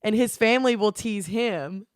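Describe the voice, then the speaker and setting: Southern woman, casual chat, lots of fillers, middle pitch, dry close sound. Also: moderate pace, clean tone, no room sound. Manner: chatty, laughs often, lots of fillers. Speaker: podcast co-host. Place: home. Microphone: phone.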